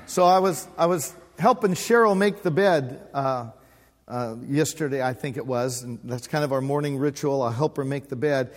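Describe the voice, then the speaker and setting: A man's voice: medium pitch, normal speed, big-room sound. A man in his sixties preaching a sermon, folksy and humorous, with call-and-response. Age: 60s. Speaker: pastor. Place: church sanctuary.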